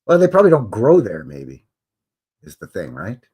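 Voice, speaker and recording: A man's voice: on the low side, wildly swooping pitch, normal speed, darkish tone, slightly rough. A middle-aged man, hosting a live stream and reading viewer questions in a chatty, jokey, rambling way. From Canada. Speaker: host.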